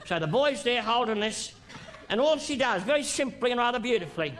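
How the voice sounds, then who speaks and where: A man's voice: very high voice, lively intonation, brisk, fairly bright tone, slight background noise. A man doing a leering, crude old Australian boaster. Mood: sly bawdy. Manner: bawdy, leering, mock-sentimental storytelling. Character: crude boastful older Australian male diplomat. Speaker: stand-up comic in character. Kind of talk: stand-up character comedy.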